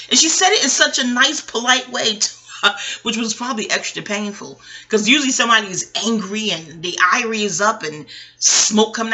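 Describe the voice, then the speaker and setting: A woman's voice: medium pitch, sharp tone. Rambling, profane woman astrologer. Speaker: podcast host and astrologer. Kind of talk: casual chat.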